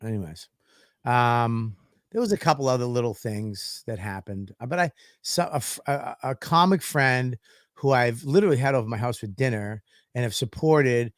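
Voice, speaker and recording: A man's voice: medium pitch, expressive, normal speed, no room sound, studio quality. A man, a comedian and podcast host, telling stories in a profane, ranting way in casual chat.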